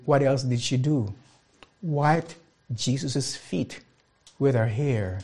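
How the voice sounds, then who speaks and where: Slow, deliberate preacher man. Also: on the high side. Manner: reads scripture aloud, repeats phrases for emphasis; slow and deliberate, dropping to a hush on key phrases. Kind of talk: sermon.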